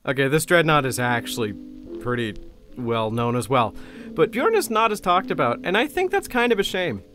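A man hosting his own channel, explaining lore in a casual, enthusiastic, rambling way. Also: mid-range voice. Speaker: channel host. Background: faint music.

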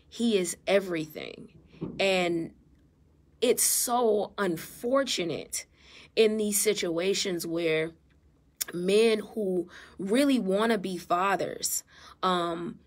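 A woman's voice: medium pitch, slow pace. A married mother and therapist, talking earnestly and with feeling in a casual live stream from her phone. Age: adult, married mother. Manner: earnest, heartfelt, emotional. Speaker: therapist and vlogger.

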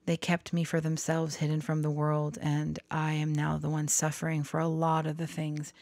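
A tarot vlogger from Florida talks candidly and hesitantly to her viewers at camera, often dropping into a whisper. Her low voice is monotone and soft, confiding at a moderate pace. It's a dry recording.

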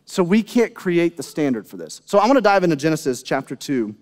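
Male pastor, high voice, chatty sermon full of rhetorical asides, long hall reverb. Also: very animated, a little fast, darkish tone. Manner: conversational, rhetorical questions and asides to the congregation. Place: church sanctuary.

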